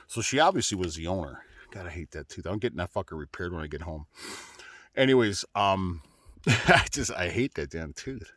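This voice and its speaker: Rambling low-voiced trucker. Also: male voice, lively intonation, moderate pace, fairly bright tone, dry recording, clean studio sound. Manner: rambling, chatty, lots of fillers and restarts. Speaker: truck driver and vlogger. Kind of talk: casual chat to viewers. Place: in or by his truck.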